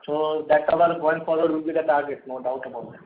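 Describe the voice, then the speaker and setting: Fast-talking executive man, lo-fi line. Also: fairly high pitch, fairly even intonation. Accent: Indian English. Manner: quick, cautious, noncommittal. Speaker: company executive. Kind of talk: earnings call answers. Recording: dull lo-fi line with faint noise.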